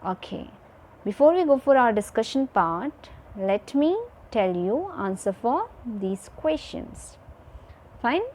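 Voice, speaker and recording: A woman's voice: on the high side, very animated, takes it slowly, a little mellow, slight background noise. A woman teacher giving a recorded video lesson to children, repeating each point and checking in with "fine" and "okay".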